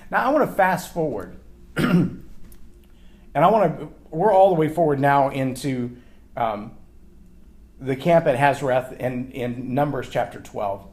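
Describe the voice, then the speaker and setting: A man giving an animated Bible teaching on leadership, often acting out quoted lines and repeating words as he thinks aloud. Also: mid-range voice, a little slow, pauses often.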